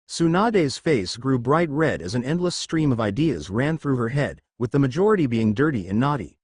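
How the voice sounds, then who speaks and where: Lively male fan fiction narrator. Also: medium pitch, moderate pace, few pauses, slightly rough, dry recording, studio quality. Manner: steady storytelling with lively intonation. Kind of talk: fan fiction story reading.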